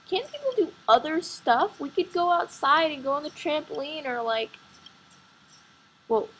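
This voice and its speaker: A woman chatting excitedly and rambling with lots of fillers while playing a computer game at home, recorded on her computer microphone. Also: fairly high pitch, slight background noise, rough recording. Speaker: gaming vlogger.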